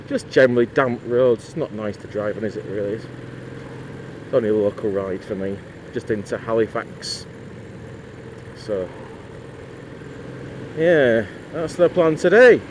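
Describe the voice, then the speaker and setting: A man's voice: medium pitch, fairly even intonation, a little slow, noisy background. A man chatting casually to camera for his motorcycle vlog, rambling with lots of asides and fillers. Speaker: motorcycle vlogger.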